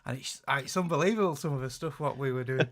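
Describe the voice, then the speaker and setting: A man with a Yorkshire accent, co-hosting a casual podcast chat, self-conscious and often trailing off quietly. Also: medium pitch, fast talker. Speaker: podcast co-host.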